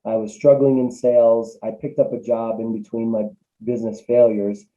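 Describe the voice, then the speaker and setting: A man's voice: medium pitch, fairly even intonation, moderate pace, mellow, lo-fi sound. A man, a business coach guest, talking casually with many fillers and restarts over a remote call. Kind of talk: casual interview answers.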